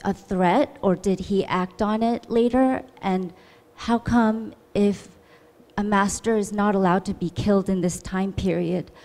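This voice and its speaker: A woman's voice: mid-range voice, fairly even intonation, unhurried, a little mellow, in a large hall. A woman disciple hesitantly asking her teacher a question, with frequent fillers.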